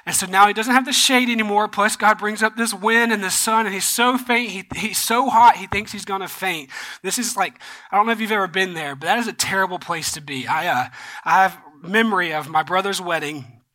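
A man's voice: sits high, fairly quick, bright, forceful tone. A young man preaching a sermon, telling stories in a casual, conversational way with lots of fillers. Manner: storytelling, conversational with many fillers. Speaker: pastor.

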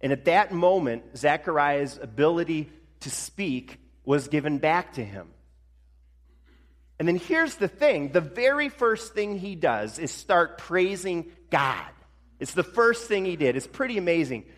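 A male pastor preaching a sermon in a conversational way, slowing down for emphasis. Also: on the high side, big pitch swings, a bit bright. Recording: long reverb of a large hall.

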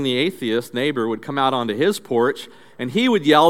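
A man's voice: mid-range voice, expressive, moderate pace. A male pastor preaching a sermon in a conversational, storytelling way. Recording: echoey hall reverb.

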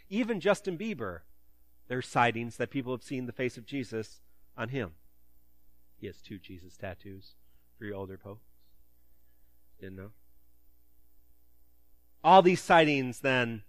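A man's voice: mid-range voice, no room sound. A man preaching a sermon and reading scripture, conversational with joking asides, acting out the voices he quotes. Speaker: pastor.

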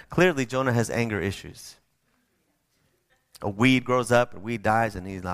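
A man's voice: medium pitch, lively intonation, a little fast, fairly bright tone, no echo. A preacher, a man, delivering a sermon in a conversational, emphatic way. He often restarts mid-phrase, and his mid-range voice is recorded close and dry.

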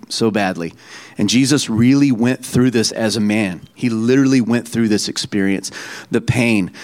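A middle-aged man preaching a sermon in a conversational way, with frequent restarts and quick asides to the congregation. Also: medium pitch, a little mellow. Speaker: pastor.

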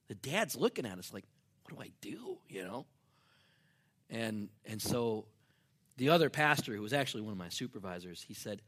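A man preaching from the pulpit with a mid-range voice. He tells his story with sudden swings in force, rising to near-shouts and dropping to hushed, breathy lines. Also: mid-range voice, sing-song, normal speed. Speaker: pastor. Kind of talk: sermon. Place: church.

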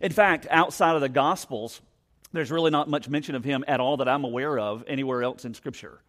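A pastor in his forties preaches a sermon in a conversational storytelling style, chatting with the congregation and asking the crowd plenty of questions. His mid-range voice is fairly bright and a little fast.

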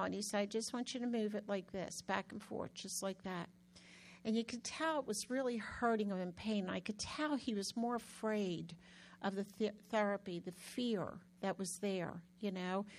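A woman minister talking casually about recovering from a hand injury, telling the story in a chatty, animated way with many restarts. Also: medium pitch. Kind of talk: casual testimony.

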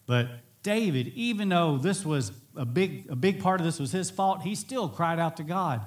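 A man preaching a sermon in an earnest, emphatic way, sometimes swelling to near-shouts. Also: a little high, expressive, normal speed. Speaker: pastor.

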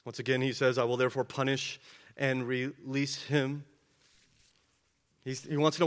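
A man preaching an expository sermon, asking rhetorical questions and dropping low and quiet for emphasis. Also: level tone, normal speed, pauses often. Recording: long hall reverb.

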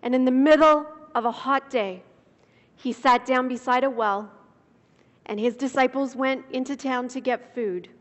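A woman preaching a sermon, slow and measured, drawing out words for emphasis. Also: high voice, steady tone. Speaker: speaker. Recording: dull sound with long hall reverb.

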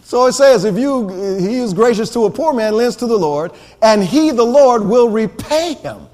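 A man preaching a sermon as a minister, fervent and shouting his points with emphasis. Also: very high voice, lively intonation, normal speed.

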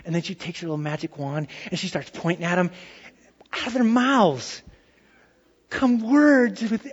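A male pastor preaching a sermon, telling a personal story in an animated way and dropping to hushed tones for effect. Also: sits high, breathy edge, in a large hall, muffled recording.

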